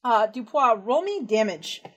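Woman game master, fairly high voice, casual, descriptive, filler words. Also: very animated, a little slow, highs cut off. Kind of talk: narrating a tabletop horror game.

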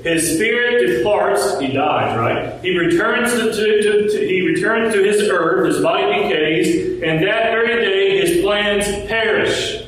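A man preaching a sermon. He asks the congregation rhetorical questions and slows down when he quotes scripture. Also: high voice, fairly bright tone. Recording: very echoey room, voice from a distance.

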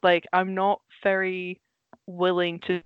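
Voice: medium pitch, completely flat delivery, smooth, dry recording. Passionate Dutch-accented young co-host. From Netherlands. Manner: passionate, rambling, quick to laugh. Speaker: podcast co-host. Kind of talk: casual chat. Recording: dull lo-fi sound.

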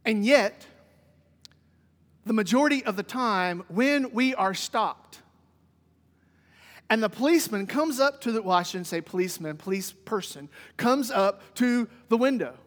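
High-voiced man preaching in a reverberant hall. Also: expressive, a little slow. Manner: conversational preaching with vivid everyday examples. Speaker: pastor. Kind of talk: sermon. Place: church sanctuary.

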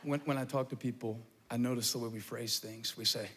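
A middle-aged pastor preaching a sermon to a congregation in a large church, moving from quiet, close talk to loud, shouted emphasis. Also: male voice, mid-range voice, steady tone, a little fast, breathy edge.

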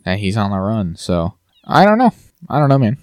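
A man co-hosting a podcast, rambling through a TV recap and slipping into quick mock quotes of the characters. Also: on the low side, huge pitch swings, a little mellow, no echo, clean studio sound. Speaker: podcast co-host. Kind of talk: casual chat recapping TV.

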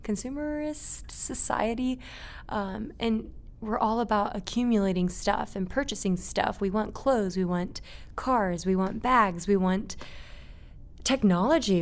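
A woman's voice: medium pitch, measured pace. A young adult woman, a guest in a casual interview, speaking earnestly and reflectively and laughing easily.

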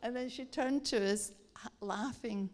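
A woman preaching a sermon, telling a lively story and acting it out with laughter. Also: on the high side, a little slow, slight background noise. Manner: animated, acts out the story with laughter.

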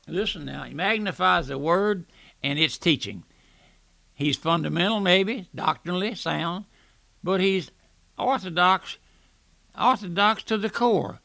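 A man's voice: sits high, gravelly, bright, forceful tone, no echo. An older man preaching a radio sermon, earnest, often restarting words and calling the listener "my friend".

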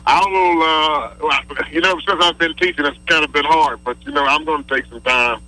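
Easygoing bright-voiced man caller. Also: fairly high pitch, steady tone, normal speed. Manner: easygoing, rambling. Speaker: caller, teacher. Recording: phone line.

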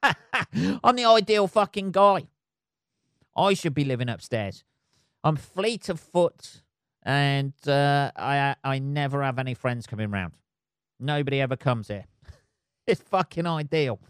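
A man's voice: mid-range voice, clear, resonant tone, no echo, clean studio sound. Sweary rambling man. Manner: sweary, rambling, self-mocking. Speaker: podcast host. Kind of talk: casual solo monologue. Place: flat at home below noisy neighbours.

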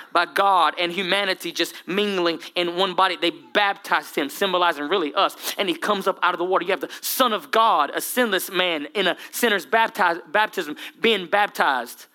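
Lively preacher man, bright voice. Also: high voice. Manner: lively preaching with humor and dramatic voice drops. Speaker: pastor. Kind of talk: sermon.

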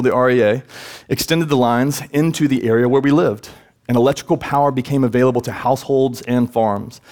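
A man's voice: mid-range voice, darkish tone. A man preaching a church sermon. He speaks earnestly, pushes his voice up for emphasis, and acts out the words he quotes. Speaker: pastor. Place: church sanctuary.

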